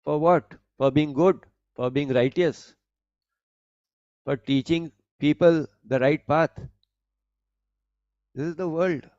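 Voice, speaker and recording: Man, spiritual teacher, scripture discourse, deliberate explanatory delivery, rephrases points, dry close sound, muffled lo-fi recording. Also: fairly high pitch, darkish tone, clean tone, no room sound.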